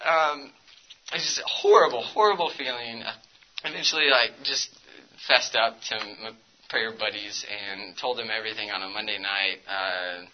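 A man's voice: lowish voice, normal speed, lo-fi sound. A young man giving a casual, chatty talk to students, telling a story with lots of fillers. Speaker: speaker at a student ministry talk.

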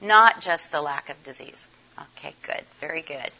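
An older woman speaks to a conference audience in a bright, forward voice, hoarse and scratchy from laryngitis. She is chatty and folksy and puts questions to the room. The recording is dull and lo-fi. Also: sits low, moderate pace. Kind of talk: conference presentation.

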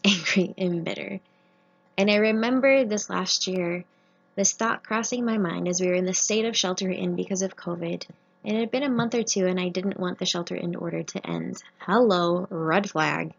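A family physician in her thirties gives an earnest, faith-based talk to medical trainees, offering her own story as personal testimony. Her voice is lowish with vocal fry, and the recording is muffled and lo-fi.

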